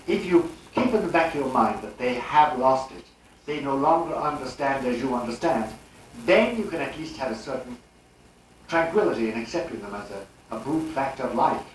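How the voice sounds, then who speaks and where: A man's voice: medium pitch, a little hiss or hum. Older man lecturing in an echoey hall. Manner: animated, rhetorical, chuckling asides. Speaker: speaker. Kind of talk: live religious lecture. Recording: old live tape, distant and echoey.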